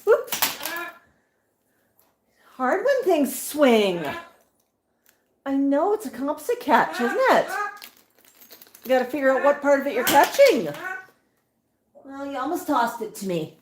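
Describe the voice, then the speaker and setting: A woman's voice: high-pitched, sing-song, slow pace, pauses often. Doting woman cooing to her parrots. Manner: doting, baby-talk to birds. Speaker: pet parrot owner. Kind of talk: casual talk to pet birds. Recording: echoey room with clear noise.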